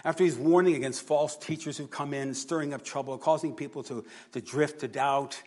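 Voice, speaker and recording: A man preaching a sermon, earnest, moving between hushed and emphatic delivery. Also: a little high, steady tone, a little fast. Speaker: pastor.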